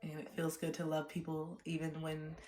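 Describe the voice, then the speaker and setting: A young woman talks frankly to her stream in a fairly low voice. She moves from calm reflection to animated storytelling and swears freely. The room gives her voice a noticeable echo. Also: moderate pace, a little hiss or hum. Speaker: livestreamer. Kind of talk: candid casual livestream chat. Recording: roomy echo.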